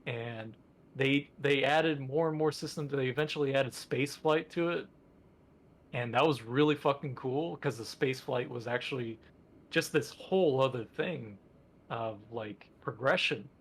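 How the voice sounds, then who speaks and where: A man's voice: mid-range voice, a little slow. A man co-hosting a podcast in casual chat, rambling with enthusiasm and lots of fillers. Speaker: podcast co-host.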